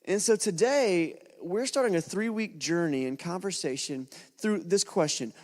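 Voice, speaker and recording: A man in his thirties preaching a sermon, telling stories with lively acted-out quotes. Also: on the high side. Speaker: pastor. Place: church hall. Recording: long church hall reverb.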